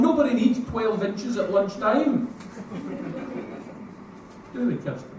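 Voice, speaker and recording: A man with a Scottish accent doing a crude, animated stand-up comedy set, slipping into put-on voices. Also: high-pitched, slow, long pauses. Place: live comedy venue with audience. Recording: echoey room, mic heard from far off, noisy.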